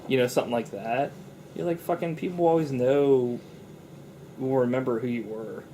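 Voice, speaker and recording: A man's voice: medium pitch, normal speed, mellow, a little hiss or hum. A young man co-hosting a casual movie review chat, loose and profane, often laughing.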